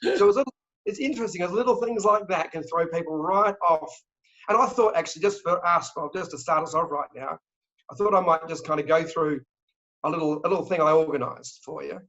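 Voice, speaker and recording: An Australian man talking fast and joking as a travel company sales director in an interview. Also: on the high side, fairly bright tone. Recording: dull lo-fi audio.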